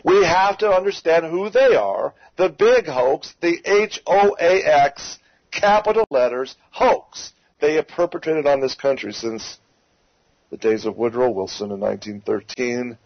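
A man's voice: medium pitch, unhurried, dry recording, dull audio. A man hosting a talk radio show, delivering an emphatic, ranting opinion monologue and repeatedly calling his listeners folks.

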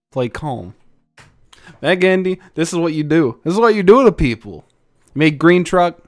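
A young man doing profane, jokey let's play commentary, swinging from mumbles to loud yells and laughs. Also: medium pitch. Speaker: gaming YouTuber. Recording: game music underneath.

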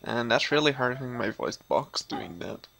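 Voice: medium pitch, lively intonation, normal speed, gravelly, a bit bright, slight background noise. A gaming host giving casual, sarcastic, profane commentary while playing a video game. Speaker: let's play host.

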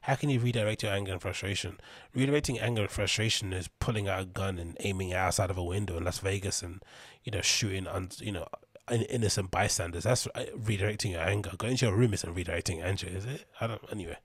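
A man's voice: deep voice, quick pace, breathy edge, no echo. A young man hosting a podcast, reading news aloud and giving wry, rambling commentary with the odd laugh. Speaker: podcast host.

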